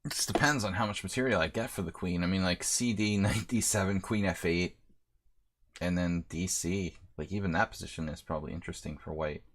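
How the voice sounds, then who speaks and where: Male chess streamer, low register; mutters variations to himself in a casual, wry running commentary. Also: a little fast. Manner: muttering move calculations aloud. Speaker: chess streamer playing a simul.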